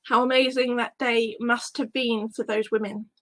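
A woman's voice: fairly high pitch, little pitch movement, normal speed. A woman narrating a Bible story in the first person, emotional, shifting between fear and breathless wonder.

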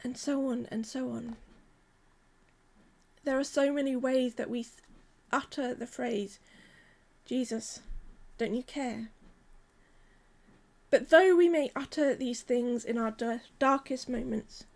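A woman, preaching a sermon in a gentle, measured, earnest way. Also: sits high, gravelly.

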